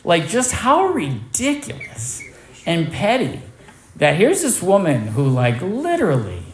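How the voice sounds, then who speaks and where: A man's voice: high voice, huge pitch swings, unhurried, a little hiss or hum. A man giving a personal recovery testimony at a meeting, telling it candidly with self-deprecating humor. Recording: echoey room.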